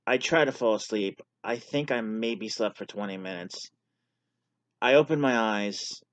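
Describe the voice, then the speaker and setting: A vlogger with a fairly low-pitched voice tells a personal story in a relaxed, frank, self-deprecating way, with no room sound in the recording.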